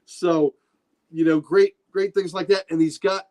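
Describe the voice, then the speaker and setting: Middle-aged guy on a podcast, fired up recapping a comic, kinda high voice. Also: steady tone, measured pace, darkish tone. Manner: enthusiastic, retells comic scenes and acts out the quotes. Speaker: podcast host. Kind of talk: casual chat.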